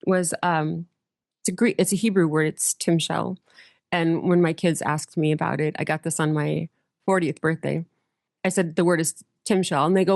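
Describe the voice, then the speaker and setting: A middle-aged woman pastor, a guest on a podcast, telling stories in a lively way and acting out the voices of people in them. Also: sits low, moderate pace, creaky, no echo, studio quality. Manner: lively storyteller, acts out quoted voices. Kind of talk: casual storytelling interview.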